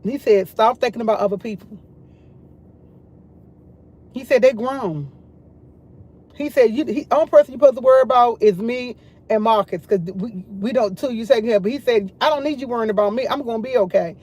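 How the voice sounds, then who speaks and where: A woman's voice: on the high side, brisk, dark tone, slightly rough. A woman hosting a casual morning livestream, chatting and rambling directly to her viewers. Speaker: livestream host.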